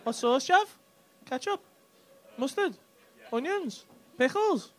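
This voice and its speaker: Cheeky comedian teasing the crowd. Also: male voice, extremely high pitch, lively intonation, measured pace. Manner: cheeky, teasing, swears a lot, talks to the audience. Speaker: stand-up comedian. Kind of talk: crowd work banter. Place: comedy club stage. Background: faint audience laughter.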